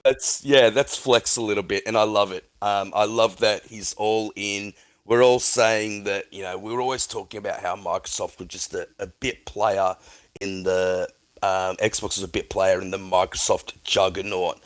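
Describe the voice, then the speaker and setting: A man with a lowish voice talks enthusiastically on a casual gaming podcast. He puts emphasis on his points, and the sound is close and dry. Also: fairly even intonation, normal speed, no room sound. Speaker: podcast guest.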